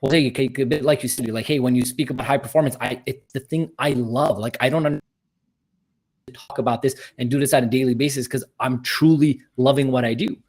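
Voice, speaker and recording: A man's voice: medium pitch, fairly even intonation, fairly quick, a little mellow. A man speaking as a podcast guest, earnest and motivational, building his points with emphasis. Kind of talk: podcast interview.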